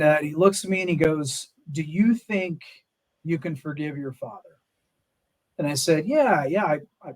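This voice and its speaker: A man's voice: fairly high pitch, poor audio. A middle-aged American man, a military veteran, telling his story in an earnest, emphatic interview with many fillers and restarts. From United States. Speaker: podcast guest, Army Ranger veteran. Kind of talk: candid interview talk.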